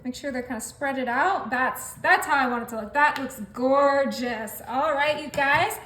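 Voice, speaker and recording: A woman hosting a casual home cooking video, bubbly and quick to laugh, talking to her viewers as you guys. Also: high-pitched, fairly bright tone, reverberant. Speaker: cooking vlogger. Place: home kitchen.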